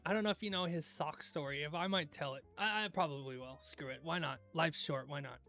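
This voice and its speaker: A young man hosting a livestream in casual chat, laid-back and rambling into stories, often clearing his throat. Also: a little high, brisk, sharp tone, soft background music. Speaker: livestream host.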